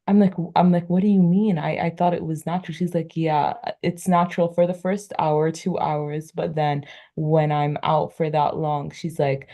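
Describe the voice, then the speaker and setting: A woman's voice: sits low, level tone, moderate pace, warm tone. A young woman in her twenties, a podcast guest, telling a story in a chatty way full of fillers. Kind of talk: casual storytelling.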